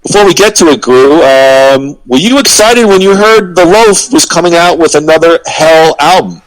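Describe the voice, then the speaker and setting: A man's voice: fairly high pitch, animated, normal speed, low-quality recording. A man co-hosting a casual music podcast, talking with fillers and restarts and reading quotes aloud in a mock pompous voice. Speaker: podcast co-host.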